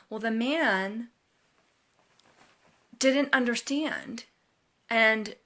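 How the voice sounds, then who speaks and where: Woman, inspirational storyteller, very slow delivery, bright clear tone, deliberate emphasis. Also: mid-range voice. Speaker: college advisor.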